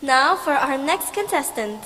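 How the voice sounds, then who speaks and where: A woman's voice: high-pitched, animated, a little slow, bright, forceful tone. A woman acting as emcee of a competition, formally and courteously announcing contestants from the stage. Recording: echoey hall with faint ambient noise.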